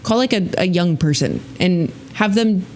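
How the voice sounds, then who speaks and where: A woman's voice: on the low side, moderate pace, a little hiss or hum. A woman hosting a live stream, chatting casually and teasing her viewers in a playful way. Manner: playful, teasing, lively thanks to chat.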